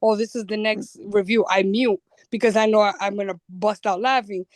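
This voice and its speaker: A woman co-hosting a podcast in casual chat, animated and quick to laugh, often stammering into restarts. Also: mid-range voice, no room sound. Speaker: podcast co-host.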